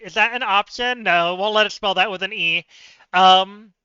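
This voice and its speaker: Bright, sharp-voiced man puzzling aloud. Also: high voice, moderate pace, clean tone, no echo, highs cut off. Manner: thinks aloud, chatty with viewers, self-mocking. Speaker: streamer. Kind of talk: live-stream word game commentary.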